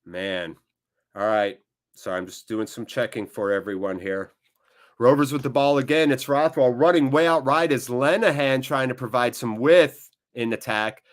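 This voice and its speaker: A man hosting a live fan watchalong, giving emotional, excitable match commentary. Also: medium pitch, normal speed. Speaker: fan channel host.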